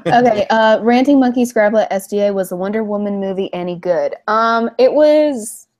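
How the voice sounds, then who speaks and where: Mellow-voiced woman chatting offhand. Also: medium pitch, moderate pace. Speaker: co-host. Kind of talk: casual livestream chat.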